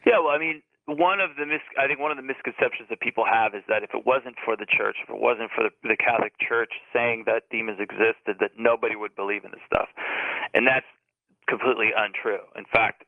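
A man's voice: mid-range voice, fairly even intonation, vocal fry, no echo. A man in Italy, a guest on a radio show, explaining things earnestly over the phone. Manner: earnest, explanatory, fast-paced. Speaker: author guest on a phone line. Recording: tinny phone line on radio.

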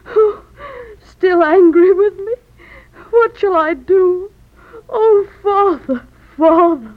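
An actress playing an earnest young daughter who speaks in a tearful, pleading way, in vintage stage-play style. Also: female voice, high-pitched, a little slow, no echo. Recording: muffled lo-fi old recording.

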